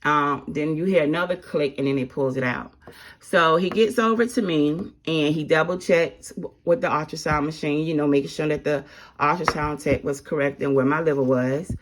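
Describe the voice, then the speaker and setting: A woman's voice: low voice, moderate pace. A woman telling her own story in a candid, blunt, casual way, full of slang and exasperated asides. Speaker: vlogger.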